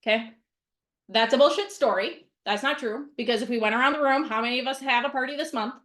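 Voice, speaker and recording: A woman's voice: a little high, fast, fairly bright tone. A middle-aged woman teaching a mindset lesson on a video call. She speaks bluntly and casually, stresses each point and keeps checking in with "okay?". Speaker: mindset coach.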